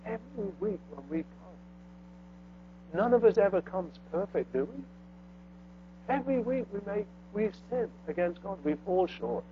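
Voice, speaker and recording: Man, sermon, high voice, loud then hushed delivery, muffled lo-fi audio, faint hum behind. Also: animated, normal speed, pauses often. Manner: preaching with big swings between loud emphasis and hushed low phrases. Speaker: pastor. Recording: dull lo-fi sound with faint mains hum.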